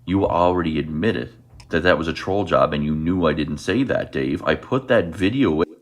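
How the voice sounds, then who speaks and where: A man with a very low voice arguing point by point in a played video. He lays out his case in a steady, argumentative way, counting off his points one after another. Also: moderate pace.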